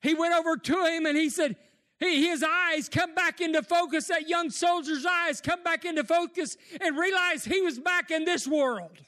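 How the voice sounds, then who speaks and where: A man preaching a sermon, impassioned, rising to shouts and tearful cries. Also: very high-pitched, normal speed.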